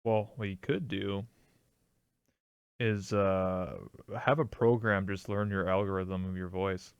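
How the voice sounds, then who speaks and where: A man's voice: low-pitched, takes it slowly, smooth, dry recording, highs cut off. A man hosting an interview in casual, playful, jokey chat over an online voice call. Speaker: host.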